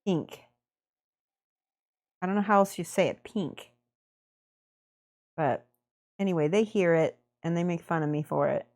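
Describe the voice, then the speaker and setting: A woman's voice: lowish voice, a little slow, long pauses, darkish tone. A woman painting miniatures on a stream, chatting casually, reading chat aloud and laughing often. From American Midwest. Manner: chatty, laughs often, plays with word pronunciations.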